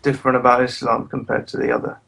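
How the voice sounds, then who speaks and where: A man in casual conversation, speaking haltingly and searching for his words. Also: mid-range voice, completely flat delivery, vocal fry, a crowd in the background, poor audio. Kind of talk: casual chat.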